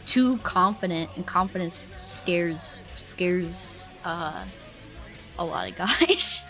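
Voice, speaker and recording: A woman's voice: on the low side, vocal fry, a bit bright. A young woman streamer chatting casually with viewers, rambling and reflective, with lots of "like" and "I don't know". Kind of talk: casual chat reading viewer comments.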